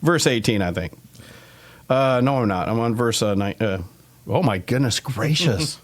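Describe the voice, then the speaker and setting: A man hosts a casual Bible study chat in a voice of ordinary middle pitch. He keeps things jokey and laughs often as he works through the passage. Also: expressive, normal speed. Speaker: ministry show host.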